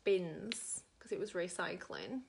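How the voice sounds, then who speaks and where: A middle-aged Australian woman does her makeup on camera, telling a long, rambling story full of fillers. Her voice is lowish, slow and creaky yet very animated, with a little hiss or hum in the background.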